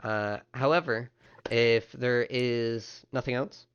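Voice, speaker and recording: A man narrating as game master of a tabletop game, in a relaxed, rambling way with restarts. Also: mid-range voice, takes it slowly, clear, resonant tone, dull audio.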